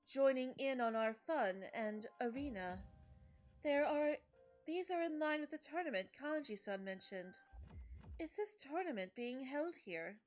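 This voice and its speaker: A woman streamer reading a game's story text aloud, stumbling and correcting herself, with asides. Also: fairly high pitch. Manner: reads story text with frequent slips and self-corrections. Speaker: let's play streamer.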